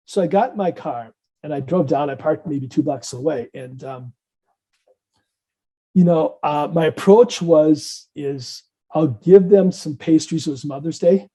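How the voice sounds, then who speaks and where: A man's voice: on the high side, measured pace. A middle-aged man from the Midwest, a psychiatrist and interview guest, telling a story with acted-out dialogue. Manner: animated, acts out dialogue in different voices.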